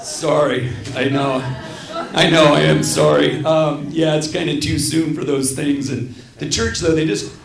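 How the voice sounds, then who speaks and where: A man's voice: a little high, fairly even intonation, measured pace, vocal fry, music in the background. A middle-aged man performing a stand-up set on a small theater stage, self-deprecating and rambling, often breaking off to apologize. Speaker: stand-up comedian. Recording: roomy live theater sound.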